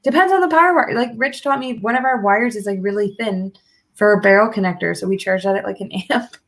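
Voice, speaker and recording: A Canadian woman hosting a casual livestream chat show, chatty and quick to laugh as she wraps up the episode. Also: mid-range voice, a bit bright. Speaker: podcast host.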